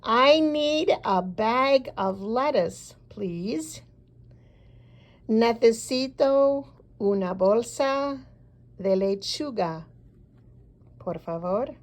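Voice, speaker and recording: A woman teaching a recorded beginner language lesson, modeling short phrases slowly and pausing so learners can repeat. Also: a little high, lively intonation. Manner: slow, deliberate model phrases with pauses for repeating. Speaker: Spanish teacher.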